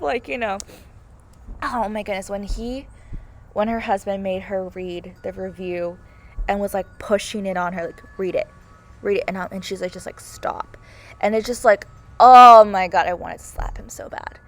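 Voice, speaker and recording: Gushing young woman reviewing a movie. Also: mid-range voice. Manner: gushing, heavy use of "like" and "oh my God". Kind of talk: casual spoken movie review.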